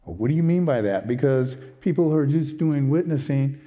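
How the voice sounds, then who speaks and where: A man preaching as a pastor, telling a personal testimony in an animated, self-mocking way. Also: mid-range voice, a little fast, highs cut off.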